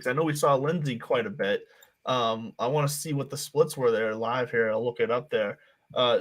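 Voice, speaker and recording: A man hosting a fantasy football show, thinking out loud and checking stats as he talks. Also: mid-range voice. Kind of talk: casual sports chat.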